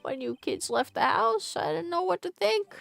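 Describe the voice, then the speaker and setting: A woman voicing a doting old man who runs a pasta shop, in a creaky, pitched-up old-man voice. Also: lively intonation, normal speed, fairly bright tone, no echo, heavily acted.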